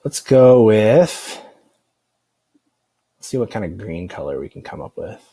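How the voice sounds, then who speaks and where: A man walking through a software tutorial in a relaxed, rambling way, with plenty of fillers and restarts. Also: lowish voice, measured pace, vocal fry, breathy edge, no room sound. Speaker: online marketing instructor. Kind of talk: casual screen-recorded software tutorial.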